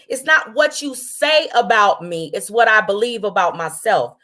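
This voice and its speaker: A woman's voice: a little high, lively intonation, bright, forceful tone. A woman hosting a livestream, ranting angrily at a rival in a combative, profane way. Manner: combative, profane, drawn out then rushed. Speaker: livestream host. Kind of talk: angry livestream rant.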